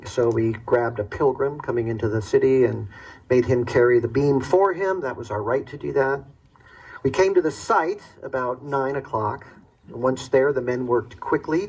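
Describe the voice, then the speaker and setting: A man's voice: medium pitch, slightly rough, low-quality recording. A man delivering a first-person dramatic monologue as a Roman soldier, earnest and reflective in his storytelling.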